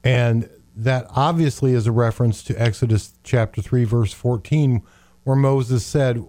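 A man co-hosting a Bible teaching conversation, explaining scripture in a lively storytelling way and acting out the quotes he tells. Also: medium pitch, unhurried, no room sound. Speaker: co-host.

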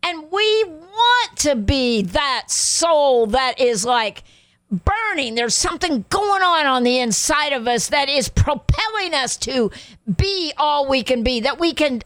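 Emphatic high-voiced older woman host. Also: animated, unhurried, a bit bright, no echo. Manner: emphatic, exclamatory preaching tone. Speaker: talk show host. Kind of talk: Christian talk show chat.

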